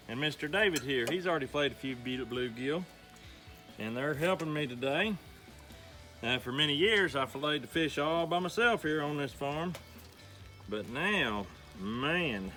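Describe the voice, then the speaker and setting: Folksy middle-aged man teaching fish cleaning. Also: mid-range voice. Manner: folksy, easygoing step-by-step instruction. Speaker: homestead channel host. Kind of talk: how-to demonstration.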